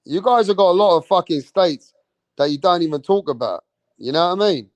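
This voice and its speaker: This livestream host talks in a brisk, expressive, high-pitched voice, chatting loosely, swearing, and wandering off topic while he reads viewer comments. The sound is dry.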